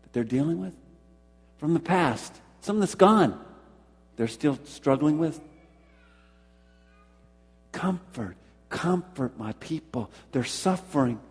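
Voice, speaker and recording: A man's voice: on the high side, animated, normal speed, darkish tone, slightly rough, faint music behind. A pastor preaching a sermon to his congregation, leaning on repeated words for emphasis and putting questions to the listeners. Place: church hall with congregation. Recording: long hall reverb.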